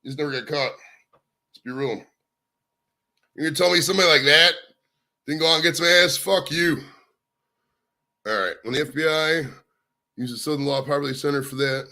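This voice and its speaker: A man's voice: mid-range voice, sharp tone. A man hosting a livestream from home, rambling casually and swearing freely as he gives blunt opinions. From United States. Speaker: livestream host. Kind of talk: casual rambling stream chat. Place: his home.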